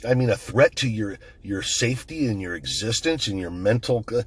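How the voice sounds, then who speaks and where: A middle-aged man with a low, husky voice gives a blunt monologue and swears constantly. He tells his stories in a loose, casual way, like a channel host talking to his regular viewers. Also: expressive, normal speed.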